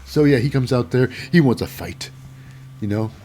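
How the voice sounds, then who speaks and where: A man's voice: mid-range voice, expressive, moderate pace, warm tone. A man hosting a casual wrestling show recap, rambling with lots of fillers and hyping things up with "baby".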